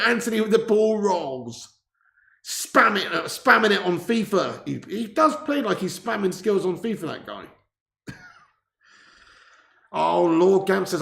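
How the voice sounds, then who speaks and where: A man hosting a casual live football watch-along, laughing often as he reads out viewer messages. His voice is heavily gravelly and sits a little high. He sounds distant from a laptop mic with the gain turned up, in a roomy, echoing space. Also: a bit bright. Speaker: live stream host. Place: room indoors. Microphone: laptop mic set far away with gain turned up. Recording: echoey room.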